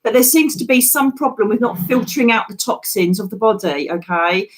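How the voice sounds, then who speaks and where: A woman's voice: fairly high pitch, expressive, fairly quick. Chatty woman giving psychic readings. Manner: warm, calls viewers darling, chatty. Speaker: psychic medium host. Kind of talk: live psychic reading chat.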